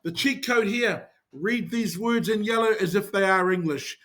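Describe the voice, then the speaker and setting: A man's voice: high-pitched, normal speed, few pauses, bright, forceful tone. A man with a New Zealand accent teaching short phrases, repeating each one and urging listeners to say it like they mean it. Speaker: language teacher. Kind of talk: scripted language lesson.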